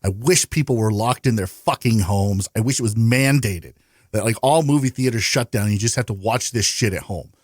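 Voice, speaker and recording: A man's voice: lowish voice, a little fast, darkish tone, dry recording, studio quality. A man ranting and telling profane stories as a guest in casual podcast banter.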